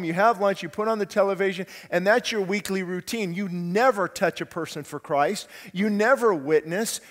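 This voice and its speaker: A man preaching a sermon as pastor, earnest and conversational, asking the congregation rhetorical questions. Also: high voice. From California, USA. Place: church sanctuary. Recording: long church hall reverb.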